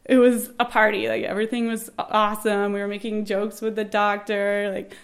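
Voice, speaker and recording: A woman in her thirties recounts a personal birth story in a lively, animated way. She laughs often and acts out the shouted lines of the people in it. Her voice sits in a middle pitch. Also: normal speed, vocal fry.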